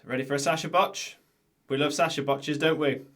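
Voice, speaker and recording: A man's voice: on the high side, steady tone, a bit bright. A man co-hosting a podcast, chatting casually and teasing his partner. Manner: teasing, quick to laugh. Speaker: podcast co-host. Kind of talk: casual chat about wrestling.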